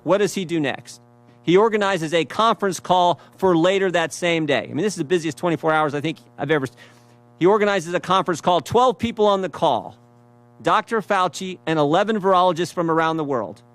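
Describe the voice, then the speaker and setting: Man giving a prepared speech at a hearing, emphatic, repeats stuff, kinda high voice. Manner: emphatic, repeats key phrases, reads documents aloud. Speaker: lawmaker questioning at a hearing.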